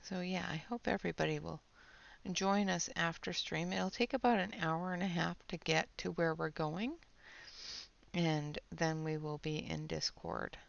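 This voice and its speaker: A woman's voice: fairly low pitch, steady tone, a little slow, vocal fry. A woman hosting a colouring channel, chatting step by step through a pencil demo, a little out of breath. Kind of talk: casual product demo while colouring. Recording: dull lo-fi audio.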